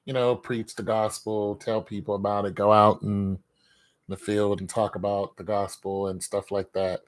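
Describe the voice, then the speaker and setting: A man's voice: lowish voice, level tone, moderate pace. A man speaking in a casual monologue, rambling and candid, joking about himself and laughing often.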